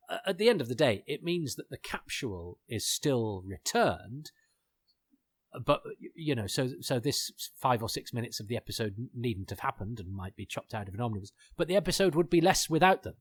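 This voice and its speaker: A man's voice: fairly low pitch, breathy edge, no echo, clean studio sound. A man hosting a podcast, chatting casually and enthusiastically with lots of fillers and digressions. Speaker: podcast host. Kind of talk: casual commentary chat.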